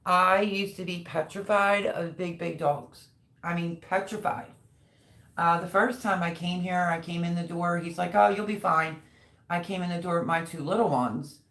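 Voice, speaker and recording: A woman's voice: fairly low pitch, fairly even intonation, moderate pace, fairly bright tone. A middle-aged woman chatting casually on her live stream, rambling about the dogs around her and cooing baby talk at them.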